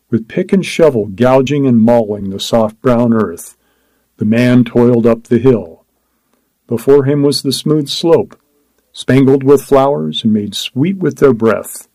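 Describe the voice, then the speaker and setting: A man narrating a story as an audiobook, in a measured, steady reading. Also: mid-range voice, no echo, rough recording.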